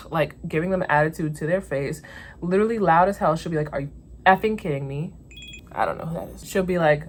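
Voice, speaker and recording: A woman's voice: low voice, a little hiss or hum. A young woman vlogger telling a story in casual chat, venting candidly and swearing freely.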